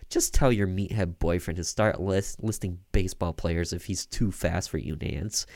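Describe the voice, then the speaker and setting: Sarcastic teen girl , read by a man, grumbling and put-upon, low voice. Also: steady tone, normal speed, creaky, a little mellow, no echo, studio quality. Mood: bitter. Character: sulky, sarcastic teenage girl left out of prom.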